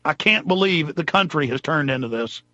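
A man from Texas delivers a furious, accusatory talk-show rant. His voice sits high and has a sharp, forceful edge. The recording is dry and close, with a slightly dull, muffled tone. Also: animated, normal speed, no room sound. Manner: shouting, accusatory, ranting. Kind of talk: angry political rant.

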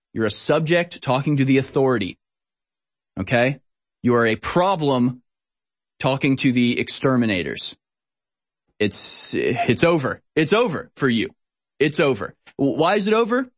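A man's voice: mid-range voice, lively intonation, moderate pace. A male host giving political commentary over a video clip, emphatic and preachy, repeating phrases for effect.

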